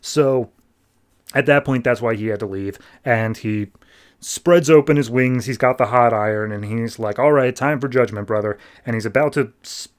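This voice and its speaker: A man hosting a podcast, casually retelling a comic book plot, leaning on "like" and dropping into quick mock voices for the characters. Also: mid-range voice, smooth. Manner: chatty storytelling, heavy use of "like", slips into quick mock voices for characters. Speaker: podcast host.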